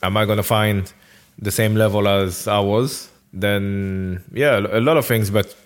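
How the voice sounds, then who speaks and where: A former footballer from France answers questions as a guest in a casual conversational interview, hesitant and searching for words with many restarts. His voice is on the low side, fairly even in intonation, at a measured pace.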